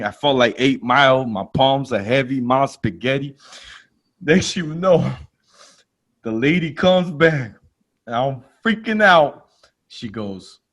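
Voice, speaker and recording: A male podcast host telling a comic story in casual slangy talk, laughing along and jumping to loud exclaims when he quotes himself. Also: mid-range voice. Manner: animated, jumps to loud exclaims in quoted lines.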